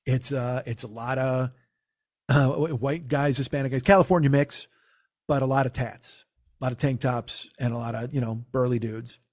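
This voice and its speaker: A man's voice: medium pitch, steady tone, moderate pace, a little mellow. A man, a comedian and podcast host, telling a long casual story and quoting people with "I go, he goes" and frequent restarts. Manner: rambling, conversational, quotes others with "I go, he goes".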